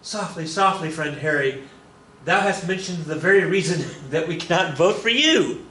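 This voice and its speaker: A man voicing a mild Quaker who gently scolds in old-fashioned speech. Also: a little high, expressive, moderate pace, roomy sound, slight background noise, pitched above the performer's own voice, low-quality recording. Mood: gently wry.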